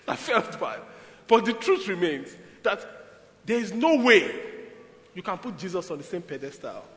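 A man preaching a sermon, telling stories in an animated way with sudden loud bursts, in a church hall. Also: high-pitched, a little slow, long pauses. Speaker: pastor. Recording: echoey hall with long reverb.

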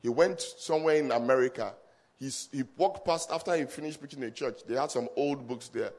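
A middle-aged man, a pastor, preaching a sermon to a congregation, telling stories in a low voice and then rising to loud emphatic peaks, with call-and-response. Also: fairly quick. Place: church service with a congregation.

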